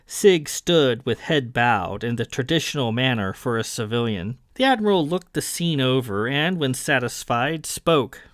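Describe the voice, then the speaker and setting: A man reading science fiction aloud in a steady, measured way. His voice sits at an ordinary middle pitch. The recording is close and dry. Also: dry recording. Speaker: audiobook narrator. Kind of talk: scripted narration.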